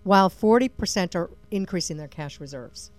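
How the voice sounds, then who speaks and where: Low-voiced chatty woman co-hosting radio. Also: lively intonation, moderate pace, darkish tone, dry recording, faint music behind. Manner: chatty, laughs often, reads figures aloud. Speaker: radio co-host. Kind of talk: casual radio talk.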